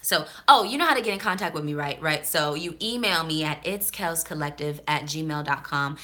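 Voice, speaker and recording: Chatty woman with a bright voice. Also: sits low, lively intonation, moderate pace. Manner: candid, chatty, off the cuff. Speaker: host. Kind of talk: casual vlog talk.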